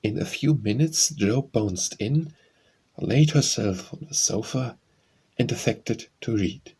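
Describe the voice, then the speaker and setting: A man narrating a classic novel as an audiobook in a measured, even-toned way. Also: mid-range voice, slightly rough, low-quality recording.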